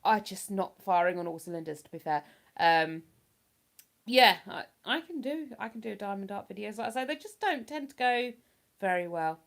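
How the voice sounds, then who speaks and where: A woman's voice: mid-range voice, lively intonation, normal speed, vocal fry, fairly bright tone. A woman hosting a casual livestream, chatting to her viewers and reading their comments aloud in a rambling, self-deprecating way. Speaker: livestream host reading chat. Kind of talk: casual live chat.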